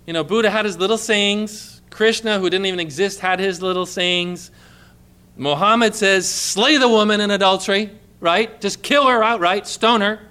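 A man preaching a sermon, emphatic, repeating key phrases and dropping to a hush for quoted lines. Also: high-pitched, moderate pace, smooth.

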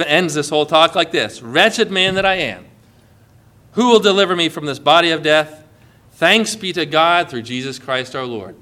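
A male pastor delivering a sermon with a high, bright voice. He preaches earnestly, building to ringing exhortations.

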